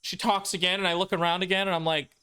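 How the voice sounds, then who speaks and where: A man's voice: high voice, flat delivery, fast, sharp tone, clear, resonant tone. A man streaming a video game, telling a rambling, profane story to his chat. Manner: profane, ranting, self-deprecating. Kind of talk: casual storytelling while gaming.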